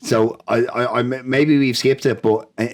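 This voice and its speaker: An Irish man co-hosts a casual film podcast in a mid-pitched voice. He talks in loose, repetitive bursts and keeps checking in with his partner. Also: fairly even intonation, moderate pace. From Ireland. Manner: chatty, repeats words, asks "do you know what I mean". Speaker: podcast co-host.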